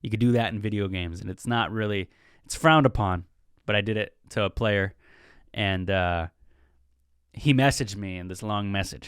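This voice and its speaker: A man's voice: fairly low pitch, moderate pace, smooth, dry recording, studio quality. A young man in his twenties hosting a solo podcast, talking casually in a rambling, chatty way and acting out bits of quoted talk. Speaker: podcast host.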